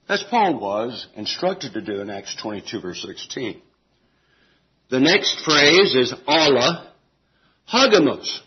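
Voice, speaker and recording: A man leads a Bible study, speaking slowly and carefully with plenty of deliberate pauses. His pitch swings up and down lively as he stresses each point, and he adds folksy asides and corrects himself as he goes. The recording sounds dull and lo-fi. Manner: deliberate, emphatic, with homely asides and self-corrections. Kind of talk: informal Bible teaching to a group.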